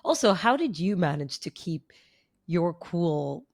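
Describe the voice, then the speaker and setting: A podcast host at a middle pitch asks a guest thoughtful follow-up questions. The talk is conversational and curious. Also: big pitch swings, takes it slowly, vocal fry. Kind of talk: interview questions.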